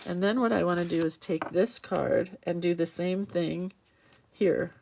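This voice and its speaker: A woman's voice: on the low side, measured pace, vocal fry, darkish tone. Chatty woman hosting a craft livestream. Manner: chatty, reads viewer comments aloud and reacts with sympathy. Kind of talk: casual livestream chat while crafting.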